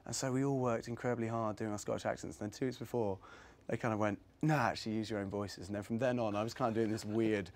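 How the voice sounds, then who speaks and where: A man's voice: fairly low pitch, steady tone, fast, hardly any pauses, a little mellow. A young man from England, an actor guest in a casual interview, chatting in a rambling way and laughing easily.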